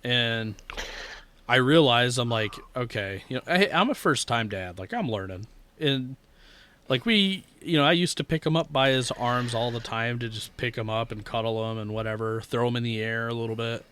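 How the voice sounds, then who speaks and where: A man's voice: medium pitch, moderate pace, fairly bright tone, clean tone. Laid-back swearing podcast man. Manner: rambling storyteller, swears freely, laughs often. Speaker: podcast co-host. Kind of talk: casual chat.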